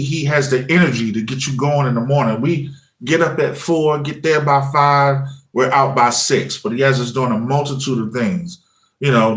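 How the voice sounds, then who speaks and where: Man, livestream host, casual chat, middle pitch, echoey room. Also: a bit bright. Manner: casual, frequent "you know what I mean". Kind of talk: casual morning livestream talk.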